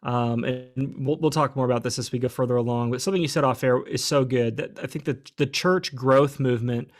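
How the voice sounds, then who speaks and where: Thoughtful male podcast co-host. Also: medium pitch. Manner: thoughtful, many filler pauses. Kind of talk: casual podcast chat.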